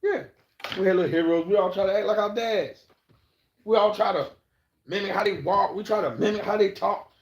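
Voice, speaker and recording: A man's voice: high-pitched, a little fast, roomy sound, muffled recording. A man hosting his own podcast, talking bluntly and profanely as he gives life advice in a rambling monologue that often repeats itself. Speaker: podcast host.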